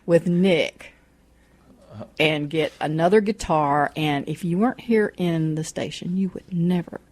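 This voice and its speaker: A woman's voice: deep voice, unhurried, a little mellow. A woman with a Midwest American accent co-hosting a casual radio show in a station studio, giggly and enthusiastic.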